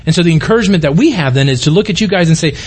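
A man's voice: fairly high pitch, expressive, very fast, husky. A middle-aged man, a pastor, preaching a sermon in an earnest, conversational way, often restarting his sentences.

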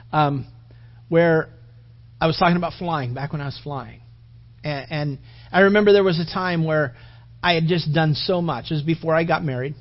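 A man preaching a sermon, telling a story with lively character voices and then drifting into a relaxed personal anecdote full of restarts. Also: a little high, dull audio. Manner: animated storytelling preaching, voicing characters, rising loud then dropping soft; conversational anecdote with fillers and restarts. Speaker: pastor.

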